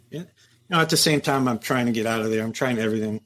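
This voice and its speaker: Speaking very fast at medium pitch, a middle-aged former prison captain tells war stories in an informal interview. He swears a lot and animatedly acts out the dialogue.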